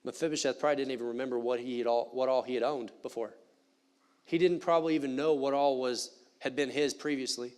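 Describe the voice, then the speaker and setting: A man preaching a sermon in a church, animated and conversational with playful asides. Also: medium pitch, quick pace, clear, resonant tone. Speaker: pastor. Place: church sanctuary.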